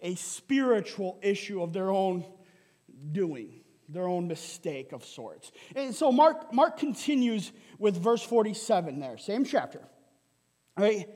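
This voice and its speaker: A male pastor preaching a sermon in a lively way, often asking "right?" and laughing. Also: high voice, slow pace, big-room sound. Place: church hall.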